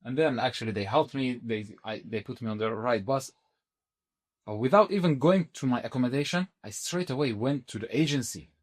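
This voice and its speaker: On a podcast, a guest with a middle-pitched male voice tells his own story in casual talk. He's animated and a bit halting, restarting mid-sentence and jumping up in pitch when he acts out what people said.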